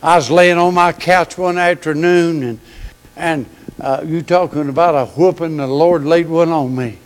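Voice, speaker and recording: A man's voice: fairly high pitch, steady tone, normal speed. An older man preaching a folksy, homespun sermon in a church, chuckling between phrases. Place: church sanctuary. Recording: long church hall reverb.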